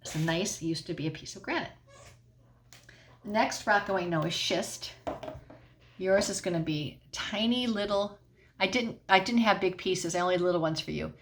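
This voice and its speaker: A woman's voice: on the low side, normal speed, long pauses. A middle-aged woman teacher explaining a science lesson at home in a patient way, often checking in with the class.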